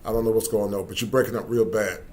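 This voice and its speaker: A man's voice: fairly low pitch, steady tone, fast talker, darkish tone. A man hosting a podcast interview, speaking loosely and directly with casual slang. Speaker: host.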